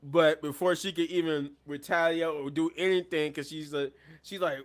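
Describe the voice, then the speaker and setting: A man casually recapping a wrestling show, excitable and rambling, often laughing at the action. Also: on the high side, moderate pace. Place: at his workplace.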